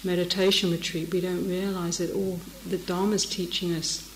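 A woman's voice: fairly low pitch, little pitch movement, moderate pace, slight background noise. A middle-aged woman, giving a dharma talk as a meditation teacher, telling stories and laughing often. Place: meditation hall. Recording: echoey meditation hall.

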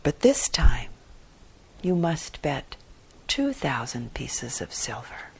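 A woman voicing a patient, hardworking male ox in a told fable, speaking gently and with reproach. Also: extremely low pitch, sing-song, slow, creaky, a little hiss or hum, pitched below the performer's own voice, exaggerated voice. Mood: earnest. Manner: gentle, reproachful, soft-spoken.

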